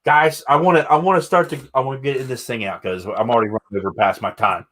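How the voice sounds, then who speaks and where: A man's voice: medium pitch, fairly even intonation, quick pace, a bit bright. A man hosting a casual interview podcast, talking candidly and rambling with enthusiasm. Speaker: podcast host.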